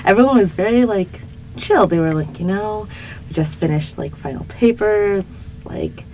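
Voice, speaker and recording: A young woman co-hosting a podcast, telling a lively story in casual chat with lots of fillers and laughter. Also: mid-range voice, moderate pace, slight background noise, rough recording. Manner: animated, laughing, many fillers. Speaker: podcast co-host.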